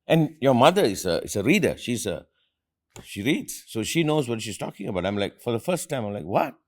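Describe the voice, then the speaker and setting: A man's voice: medium pitch, very animated, brisk. A middle-aged man from India, hosting an earnest motivational talk with his family and repeating phrases for emphasis. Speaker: host and motivational speaker.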